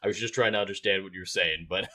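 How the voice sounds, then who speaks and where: A man's voice: on the low side, sing-song, a little fast, fairly bright tone. A man hosting a live stream, chatting casually, reading out viewer comments and laughing often.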